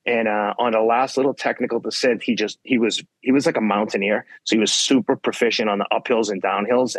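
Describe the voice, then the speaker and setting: A man's voice: on the low side, husky, no room sound. A man guest on a podcast, telling race stories in a blunt, intense way, swearing freely. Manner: blunt, profane, intense, animated retelling. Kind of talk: casual storytelling interview.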